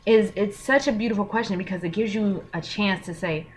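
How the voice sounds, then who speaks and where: A woman's voice: medium pitch, a little fast, soft background music. A woman giving frank, earnest parenting advice in a casual vlog, talking in slang and openly emotional.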